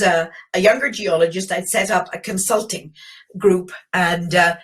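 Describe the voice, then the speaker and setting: A woman's voice: lowish voice, slight background noise. An older woman from Belfast with a Northern Irish accent, a geologist giving a reflective, enthusiastic webinar talk with frequent fillers and restarts. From Belfast, Northern Ireland. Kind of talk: webinar storytelling presentation. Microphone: video call.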